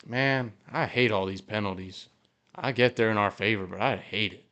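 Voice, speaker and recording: A male fan podcast host giving live reaction to a football game into a podcast mic, excitable, swearing, cheering and groaning at each play. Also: fairly low pitch, moderate pace.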